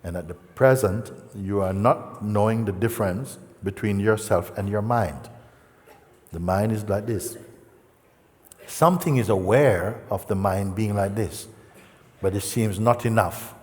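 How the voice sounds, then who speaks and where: A man giving a gentle, conversational spiritual talk in a large hall, acting out the people he quotes. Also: on the low side, unhurried. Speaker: spiritual teacher. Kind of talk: satsang talk. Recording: reverberant hall.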